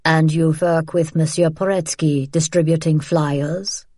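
A menacing secret police agent, as a woman narrator plays him, low and cold, with clipped, level questions. His tone stays flat and controlled. The sound is dry and close. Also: unhurried, no echo. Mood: cold menace.

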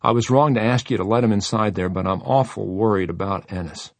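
A man's voice: on the low side, a little fast, dry recording. A man voicing a frantic male state trooper, urgent and commanding. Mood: worried.

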